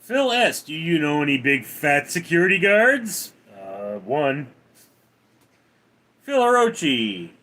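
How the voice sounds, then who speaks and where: A man's voice: on the high side, big pitch swings, slow, pushed and bright. A man hosting a casual livestream, reading out chat names and answering them one by one in a drawl.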